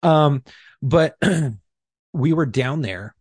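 A man on a podcast, telling a profane, animated story in casual chat. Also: fairly high pitch, drawn-out words, breathy edge, no room sound, clean studio sound. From California. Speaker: podcast co-host.

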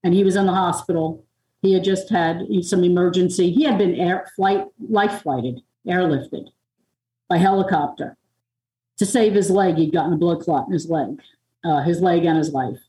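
Mellow-voiced woman from Long Island, roomy. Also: on the low side, moderate pace. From Long Island, New York. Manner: rambling, many fillers and restarts. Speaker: podcast guest, music producer and author. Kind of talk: candid personal storytelling. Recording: roomy and distant from the mic.

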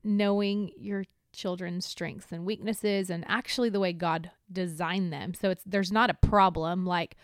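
A woman in her thirties co-hosting a casual family podcast, chatty and quick to laugh, teasing her husband. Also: fairly low pitch, fairly even intonation, no echo, studio quality. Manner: chatty, laughs often, warm-hearted teasing. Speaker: podcast co-host.

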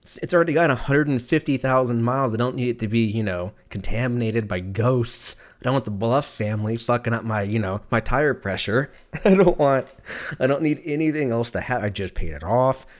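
A man hosting a solo podcast, rambling through a profane, joking rant and laughing often, his voice jumping up when excited. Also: fairly quick. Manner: animated, jumps pitch when excited. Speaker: podcast host.

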